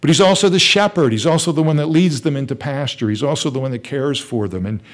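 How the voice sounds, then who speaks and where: A man's voice: medium pitch, quick pace. Man preaching a Bible study. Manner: explaining Bible verses, thinking aloud with restarts. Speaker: pastor. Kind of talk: sermon.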